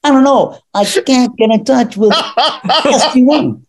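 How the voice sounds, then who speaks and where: A man putting on an over-the-top impression of a melodramatic male starship captain, speaking in halting, dramatic bursts. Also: very high voice, over a noisy crowd, pitched above the performer's own voice, heavily acted. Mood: panicked.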